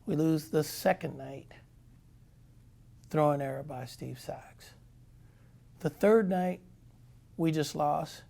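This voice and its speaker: A man in his sixties, a former pitcher, telling a lively anecdote as a guest. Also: slow, vocal fry, long pauses. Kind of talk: storytelling anecdote.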